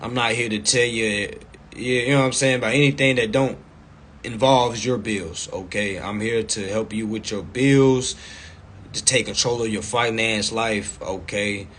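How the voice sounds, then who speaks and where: A man coaching viewers in a casual live stream over a phone mic, blunt and profane, repeating himself and breaking into loud, emphatic bursts. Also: fairly low pitch, fairly even intonation, a little slow, slight background noise.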